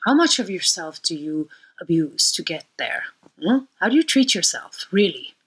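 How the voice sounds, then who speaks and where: A woman astrologer tells a myth and muses on its meaning, rambling and reflective, with occasional breathy near-whispers. Her voice is husky and sits on the low side for a woman. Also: sing-song, normal speed, a bit bright, poor audio. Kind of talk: storytelling talk on myth and astrology.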